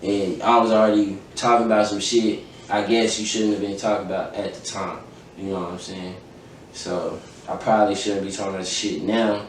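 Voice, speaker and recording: A man's voice: on the low side, little pitch movement, normal speed. A young adult man telling a personal story in casual, profanity-heavy podcast chat, acting out the dialogue as he goes. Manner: profane, emphatic, recounting events with quoted dialogue. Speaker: podcast host. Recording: very echoey room, distant mic, faint noise.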